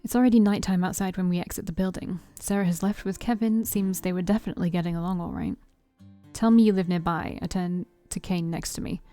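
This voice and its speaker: A woman's voice: on the low side, steady tone, fast, hardly any pauses, dark tone, faint music behind. A woman reading a visual novel aloud as the main character, with wry asides.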